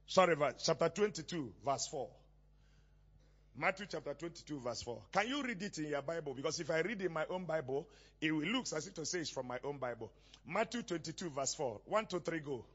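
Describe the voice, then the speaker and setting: A male pastor preaching a sermon, asking questions and having the congregation call back the missing words, often rising to shouts. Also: fairly high pitch, lively intonation, a little fast, husky, muffled recording.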